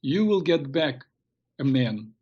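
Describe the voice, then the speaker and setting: A man's voice: mid-range voice, sing-song, takes it slowly, slightly rough, highs cut off, exaggerated voice. A man voicing a wise old male shaman who patiently gives instructions.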